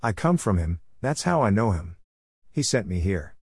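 Man reading Jesus: earnest male teacher, lowish voice, dry read. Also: sing-song, moderate pace, darkish tone, slightly rough, no room sound, full character voice. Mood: declaring.

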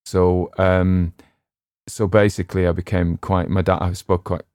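A man's voice: sits low, little pitch movement, measured pace, darkish tone, no room sound, clean studio sound. A middle-aged man with a Cumbrian accent, chatting casually as a story channel's host, rambling and self-deprecating with many fillers and restarts. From West Cumbria, England. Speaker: audiobook narrator and channel host. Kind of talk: casual chat.

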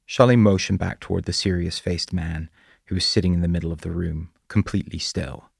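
A man narrating a story in a measured, quiet way. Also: low-pitched, creaky, husky, no room sound, clean studio sound. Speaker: audiobook narrator. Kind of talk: scripted narration.

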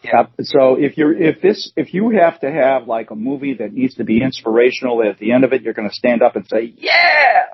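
A man co-hosting a casual chat show, talking in a hesitant, halting way with frequent restarts. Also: medium pitch, husky, dry recording. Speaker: co-host. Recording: dull dry lo-fi recording.

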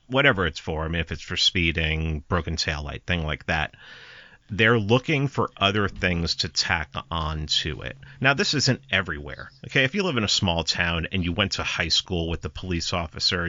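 A man's voice: deep voice, animated, normal speed, pushed and bright, no echo. A man who is a podcast guest, explaining things in a plain-spoken, step-by-step way. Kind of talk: casual interview. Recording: dry, dull lo-fi sound.

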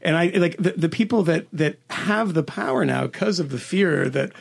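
A higher-pitched man with a gravelly, creaky edge hosts a podcast conversation. He rambles and circles back, restarting his sentences as he hunts for the point. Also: expressive, normal speed. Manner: rambling, hesitant, many restarts. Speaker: podcast host. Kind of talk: casual political discussion.

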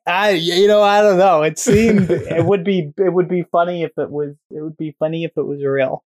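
A man's voice: a little high, steady tone, normal speed, darkish tone, dry recording. A man on a podcast, chatting casually in a rambling, profane, joking way. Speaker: podcast guest.

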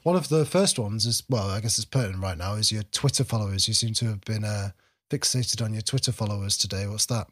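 A man's voice: fairly low pitch, fast talker, a bit bright, slightly rough. A man co-hosting a podcast, teasing his partner and steering the casual chat. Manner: teasing, dry, leads the segments. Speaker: podcast co-host.

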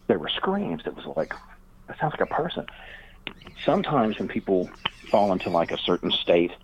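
This low-pitched male voice moves at normal speed with big pitch swings. The speaker, a guest author and paranormal researcher, tells a rambling interview story full of fillers and acted-out quotes, on dull lo-fi remote audio with a little hiss or hum.

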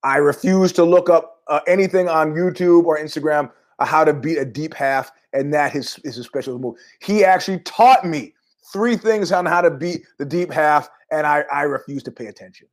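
A man's voice: on the high side, moderate pace. A middle-aged man hosting a podcast, telling rambling, jokey stories in a casual monologue with asides. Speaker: podcast host.

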